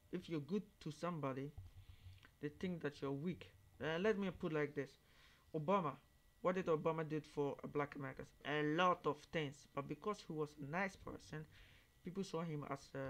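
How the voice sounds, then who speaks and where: Halting man, reaction host. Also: a little high, a bit bright. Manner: halting, searching for words, then emphatic and raised when quoting others. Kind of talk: casual monologue commentary.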